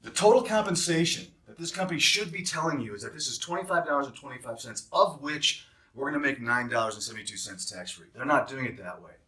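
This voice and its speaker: The recording, made with a distant mic in an echoey room, captures a man's quick, expressive, sharp-toned mid-range voice. He is a travel nurse staffing recruiter breaking down a job offer's hourly pay for nurses, and his walkthrough becomes a heated, emphatic rant.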